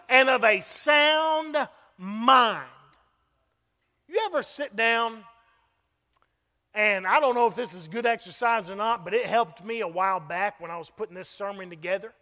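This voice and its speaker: A man preaches in a very high, bright voice. His folksy, animated storytelling lifts into shouts at key moments. The sound carries a long reverb from a large hall. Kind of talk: sermon with storytelling.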